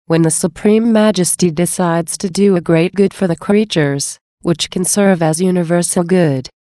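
A woman reading the words of the newborn Christ child in a gentle, solemn devotional reading. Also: on the low side, no echo, clean studio sound, close to an everyday voice.

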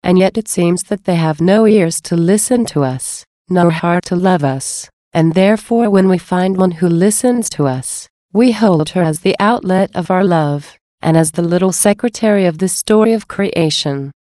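A woman voicing Jesus as a gentle, loving divine speaker, in a slow, measured devotional reading. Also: fairly low pitch, dry recording, clean studio sound, lightly acted. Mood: tender.

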